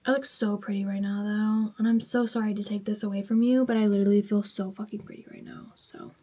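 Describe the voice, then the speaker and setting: A woman's voice: mid-range voice, level tone, fast talker, warm tone. A tipsy woman vlogger reading online stories aloud while doing her makeup, chatty and swearing freely as she reacts to each story.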